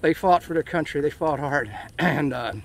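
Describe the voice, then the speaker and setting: A man's voice: fairly high pitch, moderate pace, a little hiss or hum. A middle-aged man vlogging casually while walking outdoors in a park, hot and sweaty, talking emotionally in rambling bursts full of fillers. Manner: emotional, ranting, with frequent fillers.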